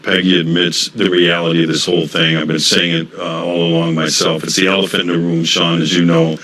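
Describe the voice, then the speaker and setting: A man's voice: deep voice, flat delivery, brisk, fairly bright tone, low-quality recording. A man speaking as a county sheriff and interview guest, assertive and declarative.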